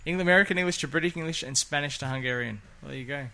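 A man co-hosts a relaxed chat, talking in a jokey, rambling way. His voice is gravelly with a bright, forward edge. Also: on the high side, rapid-fire, a little hiss or hum. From Australia. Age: 50s. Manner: jokey, rambling, laughs often. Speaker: podcast co-host. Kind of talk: casual chat.

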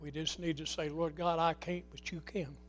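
Middle-aged male pastor with a high voice, preaching with passion and sudden drops to a hush. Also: level tone, moderate pace, a little hiss or hum. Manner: impassioned, swinging from loud to hushed. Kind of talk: sermon.

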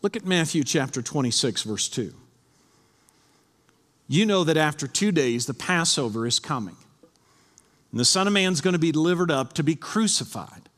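Pastor, male, lively fairly high voice, earnest sermon delivery, long hall reverb. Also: moderate pace, long pauses. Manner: earnest preaching, reads scripture aloud.

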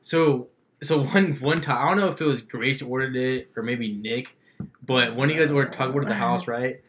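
A man's voice: medium pitch, brisk, a bit bright. A young man telling a profane story on a casual podcast, laughing as he goes. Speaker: podcast co-host.

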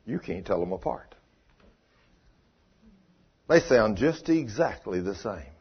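Folksy husky older preacher. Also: male voice, on the low side, sing-song, takes it slowly, lo-fi sound. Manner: folksy, storytelling, swings between loud and hushed. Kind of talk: sermon.

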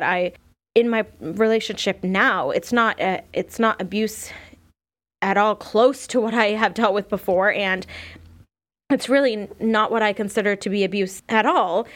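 A woman's voice: medium pitch, fairly bright tone. A young woman hosting a podcast, talking candidly in a rambling personal monologue full of fillers and restarts. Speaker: podcast host.

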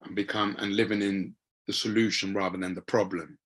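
Husky man telling a story. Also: low voice, a little fast. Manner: animated, acts out voices in anecdotes. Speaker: podcast host. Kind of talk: conversational storytelling.

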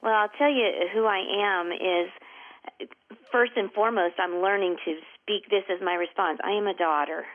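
A woman's voice: mid-range voice, moderate pace. A woman, talking earnestly and chattily as a guest author in an interview. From Southern United States (Georgia). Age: 50s. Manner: earnest, chatty, laughs easily. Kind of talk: conversational interview. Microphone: telephone. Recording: tinny phone line.

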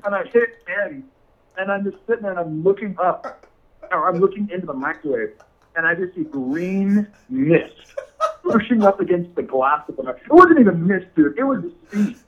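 A man's voice: sits high, expressive, normal speed, dull audio. A man telling a funny story in casual chat, laughing often and saying "dude" a lot. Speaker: podcast guest.

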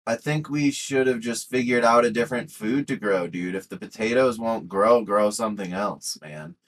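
A man's voice: lowish voice, moderate pace, rough recording. A man co-hosting a casual podcast, swearing a lot and laughing often. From Ireland. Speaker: podcast co-host. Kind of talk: casual chat.

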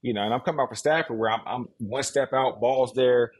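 A man in his thirties, a guest on a podcast, telling a casual and animated story about his football career. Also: mid-range voice, brisk, breathy edge. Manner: animated, mimics others' voices in his stories.

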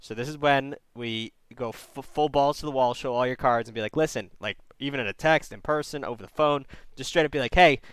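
Male call-in host, smooth clear voice, dry close sound, blunt and profane. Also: mid-range voice, brisk, hardly any pauses, no echo. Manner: blunt, swearing, animated. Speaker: advice show host taking calls. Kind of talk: casual call-in advice.

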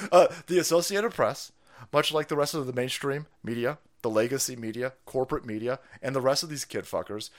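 A hungover man hosting a stream, ranting in profane, combative and sarcastic political commentary. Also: medium pitch. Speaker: streamer host.

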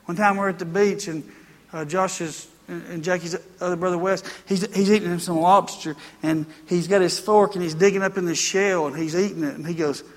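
A man's voice: high-pitched, fairly even intonation, moderate pace, in a large hall. A man preaching a sermon, mixing folksy country stories with emphatic preaching. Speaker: pastor.

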